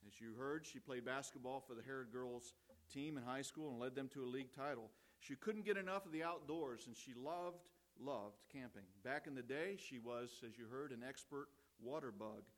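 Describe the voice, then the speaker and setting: Pastor guy doing a eulogy, chatty storytelling, little jokes, keeps repeating lines for emphasis. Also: medium pitch. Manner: warm conversational storytelling with gentle humor; repeats key phrases for emphasis. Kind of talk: funeral eulogy.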